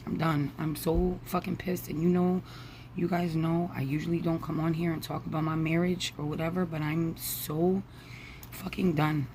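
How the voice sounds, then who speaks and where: A woman in her forties vents to her camera in a lowish voice, angry and worn out, swearing freely as she talks. A faint hiss of noise sits behind her. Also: flat delivery, normal speed, a little mellow. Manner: angry, profane, tired venting. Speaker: vlogger. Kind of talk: venting to camera.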